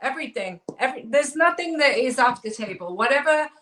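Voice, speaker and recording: A woman from England with an accent mixing English and Brooklyn, a podcast co-host in her forties or older, playful and quick to agree. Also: high-pitched, lively intonation, a bit bright. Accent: mix of English and Brooklyn. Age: over 40. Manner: playful and eager, echoes and agrees a lot. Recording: roomy sound.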